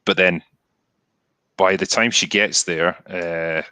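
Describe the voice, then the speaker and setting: A very deep-voiced man hosts a relaxed film chat, his tone bright and forceful despite the low pitch. He talks in an easygoing way, full of ums and pauses, on a dry, close recording. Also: dry recording. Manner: laid-back, many ums and trailing pauses. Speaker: podcast host.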